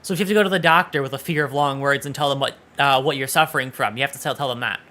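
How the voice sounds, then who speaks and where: A man's voice: medium pitch, racing, sharp tone. A man streaming live, chatting casually and teasing his viewers, with playful swearing. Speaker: VTuber streamer.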